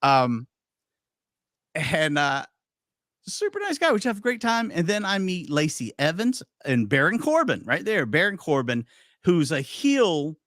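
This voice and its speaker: Guy on a podcast telling stories, kinda high voice, bouncy pitch, dry close sound. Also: unhurried, no room sound. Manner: animated, chatty anecdote-telling with quoted dialogue. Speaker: podcast host. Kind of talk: casual chat storytelling.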